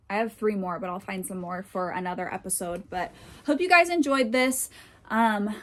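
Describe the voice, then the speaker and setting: A woman hosting a podcast in casual chat, rambling a bit with lots of fillers, a little winded and tired. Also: mid-range voice. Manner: chatty and rambling with frequent fillers. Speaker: podcast host. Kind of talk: casual chat reacting to online posts.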